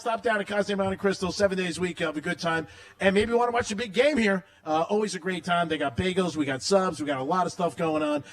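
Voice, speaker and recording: Brash male radio host, high voice, joking storyteller who laughs a lot. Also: fast. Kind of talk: casual radio banter and live ad reads.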